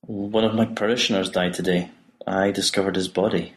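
A man voicing a troubled priest who speaks quietly and subdued. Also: low voice, little pitch movement, normal speed, natural voice. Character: troubled middle-aged male priest.

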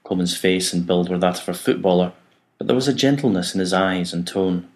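Man, audiobook narration, measured, very low voice. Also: steady tone, darkish tone.

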